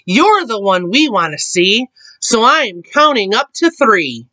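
A woman's voice: fairly high pitch, big pitch swings, slow pace, sharp tone, no room sound, pitched above the performer's own voice, heavily acted, low-quality recording. A woman voicing an unafraid mother frog who speaks firmly in a storybook. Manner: firm and unafraid. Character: brave, calm mother frog.

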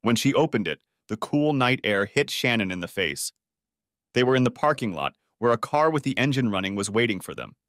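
A man narrating a story audiobook in an even, measured reading. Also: medium pitch, no echo, studio quality. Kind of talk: scripted narration.

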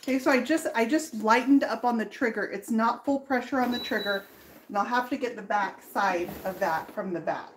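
A woman's voice: a little high, fairly quick, slight background noise. A woman hosting a live furniture painting demonstration in her workshop, explaining each step in a chatty way and laughing easily. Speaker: furniture painter and tutorial host.

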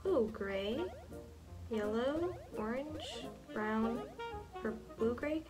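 A woman in her twenties commenting on a game as she plays, excitable, gasping and swearing often. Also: on the high side, very slow. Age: 20s. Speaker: gamer. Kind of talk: let's play commentary. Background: game music.

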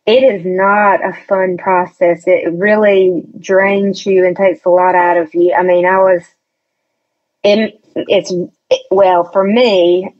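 A woman's voice: fairly low pitch, level tone, slow pace. A woman telling a personal story as a podcast guest, chatty and hesitant, with many restarts. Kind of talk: casual storytelling chat. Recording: dull lo-fi recording.

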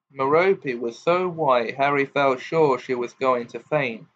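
A man reading a novel aloud as audiobook narration, in a measured, even way. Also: mid-range voice, lo-fi sound. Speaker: reader.

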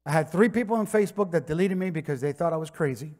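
A pastor with a Miami accent preaching a sermon, telling stories conversationally and rising to impassioned shouts. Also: male voice, a little high, quick pace. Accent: Miami English. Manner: conversational storytelling with acted quotes. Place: church sanctuary.

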